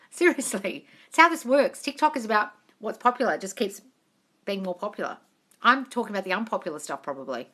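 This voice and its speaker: A young woman talks into her phone at arm's length during a casual live question-and-answer stream. Her tone is bright and crisp, and her manner is frank and chatty. She swears freely and calls her viewers darling as she reads their comments aloud. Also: mid-range voice, animated, a little fast.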